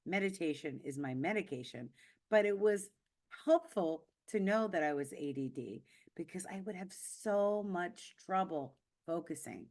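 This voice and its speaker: Low-voiced woman speaking coach. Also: unhurried. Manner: expressive, shifts between hushed confessional tones and lively emphatic coaching. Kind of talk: webinar talk.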